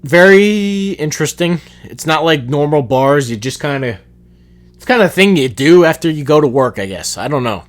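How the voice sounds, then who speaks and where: A man with a slightly higher-than-average voice talks alone into the mic as a podcast host. He rants in a blunt, profane, exasperated way, loose and conversational. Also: animated, moderate pace. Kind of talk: solo podcast rant.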